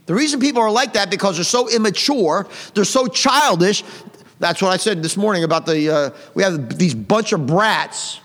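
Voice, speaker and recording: A middle-aged male pastor delivers a fiery, blunt sermon, scolding his congregation and firing off rhetorical questions. His voice sits high for a man. A long reverb trails his words through the church sanctuary. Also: lively intonation, normal speed, a bit bright.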